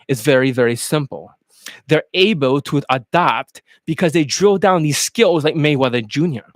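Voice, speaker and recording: Animated man, bouncy high voice. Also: normal speed, dry recording, clean studio sound. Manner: animated, blunt and profane, rambling; slips in and out of put-on accents. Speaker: dating coach. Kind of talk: casual live-stream sales monologue.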